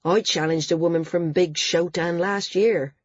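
A woman's voice: lowish voice, steady tone, normal speed, breathy edge, no room sound, lo-fi sound. A woman voicing a glum, touchy young man in a storybook reading.

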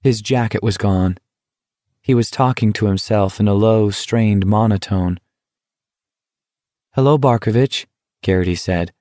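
A man reading a novel aloud as a dramatic audiobook narrator, measured and unhurried. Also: fairly low pitch, steady tone, dark tone, no room sound, studio quality.

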